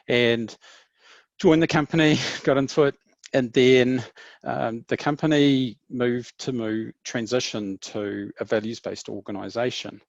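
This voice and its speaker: A man's voice: mid-range voice, vocal fry, no room sound, muffled recording. A man with a New Zealand accent gives a casual, chatty presentation to a meetup over a video call, with plenty of fillers and restarts. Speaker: meetup speaker.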